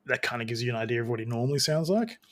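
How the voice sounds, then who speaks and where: A man's voice: mid-range voice, animated, racing, fairly bright tone. A man co-hosting a podcast, chatting casually and rambling with lots of restarts and fillers. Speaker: podcast co-host. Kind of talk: casual chat.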